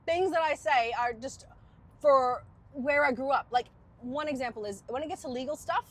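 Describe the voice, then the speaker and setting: A woman's voice: sits high, normal speed. A woman with a mixed, partly Australian accent, chatting playfully to camera in a self-mocking way. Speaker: vlogger. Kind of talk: casual chat to camera.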